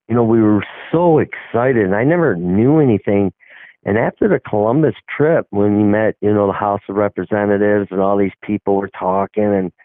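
A man's voice: fairly low pitch, dry recording. Middle-aged man telling a story over a tinny line. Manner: rambling, acts out quoted dialogue. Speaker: hockey coach. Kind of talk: casual storytelling. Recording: tinny phone-like line, dry.

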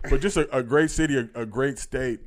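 A man's voice: mid-range voice, fairly quick. A young man talking as a podcast guest in casual chat, blunt and profane with lots of fillers.

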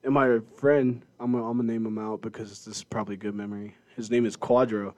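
A man's voice: fairly low pitch, flat delivery, fast. A young man co-hosting a casual podcast, telling profane, laughing stories and acting out the voices in them. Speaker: podcast co-host. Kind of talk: casual chat, storytelling.

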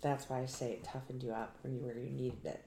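A woman's voice: rumbling low, quick pace, noisy background. A woman hosting a casual interview, talking in a supportive, affirming way. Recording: echoey room.

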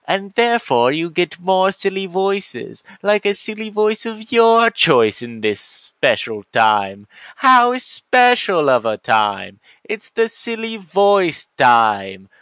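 A man voicing a sneaky, mischievous male goblin in a drawn-out, theatrical way. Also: sits high, big pitch swings, fairly bright tone, no echo, voice pushed up, heavily acted.

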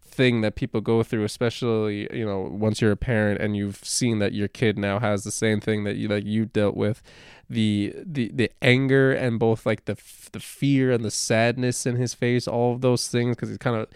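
Rambling podcast guy, smooth and dry. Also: fairly low pitch, normal speed, few pauses, no room sound. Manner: animated, swears freely, rambling with many fillers. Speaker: podcast co-host. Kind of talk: casual podcast discussion.

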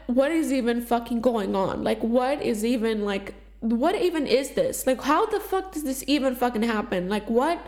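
A woman's voice: on the high side, a little mellow. A woman telling a personal story in a candid, emotional confessional monologue, with heavy swearing, fillers and restarts. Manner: raw, emotional, swears freely. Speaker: vlogger sharing a personal story.

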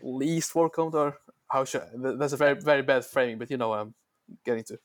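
A man's voice: medium pitch, fast talker, dry recording, clean studio sound. A man speaking as a podcast guest in a casual chat, hesitant and rephrasing his questions again and again.

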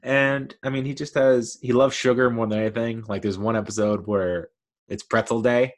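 A man's voice: medium pitch, fairly even intonation, moderate pace. A man talking casually as a video host, rambling and correcting himself, with frequent chuckles. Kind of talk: casual commentary.

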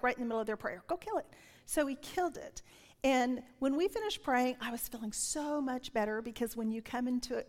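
A woman in her sixties delivers a sermon full of personal testimony, a slightly high voice, animated, dipping into whispers. Her words ring out with the long reverb of a big church hall. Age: 60s. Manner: animated storytelling, drops to whispers when quoting. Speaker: preacher.

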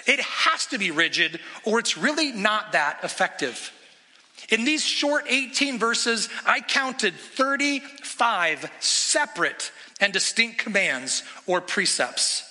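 A man's voice: sits high, sing-song, slow, bright, forceful tone, big-room sound. A middle-aged man preaching a sermon as pastor, teaching emphatically and asking rhetorical questions.

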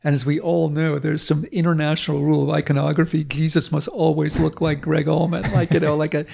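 Creaky-voiced man telling a story. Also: a little high, brisk. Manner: animated storyteller acting out quoted voices; profane, emphatic. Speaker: guest, history professor. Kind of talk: storytelling in conversation.

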